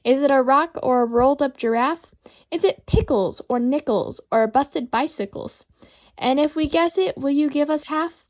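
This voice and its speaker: High-voiced woman reading children's poems playfully. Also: moderate pace. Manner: playful, expressive, sing-song reading. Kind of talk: reading children's poetry aloud.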